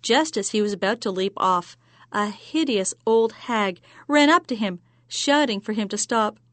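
A woman telling a joke as a story in an even, measured way. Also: mid-range voice, dry recording.

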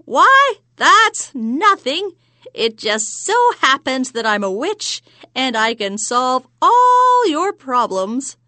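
A woman voicing a hideous old witch in a told joke, loud, shrill and drawn-out. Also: very animated, no room sound, heavily acted. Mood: gleeful. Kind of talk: storytelling joke, acted voices.

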